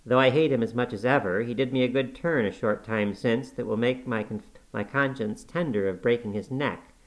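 A man voicing a harsh young master of the house, speaking gruffly and scornfully. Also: medium pitch, normal speed, lightly acted, rough recording. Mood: stern.

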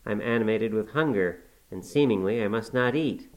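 Brooding, curt middle-aged master, low and terse, storybook, with a man reading him. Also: moderate pace, natural voice, low-quality recording. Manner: terse, dismissive.

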